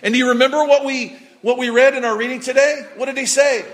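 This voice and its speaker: A man preaching a sermon, telling a story with animated delivery, acting out people's words and rising to shouts at key points. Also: very high voice, quick pace, few pauses.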